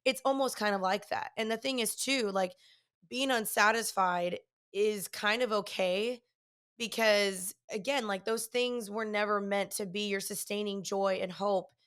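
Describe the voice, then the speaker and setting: A woman's voice: medium pitch, fairly even intonation, unhurried, fairly bright tone, clear, resonant tone. Chatty woman podcast host. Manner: chatty, many "like" fillers. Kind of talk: casual interview conversation.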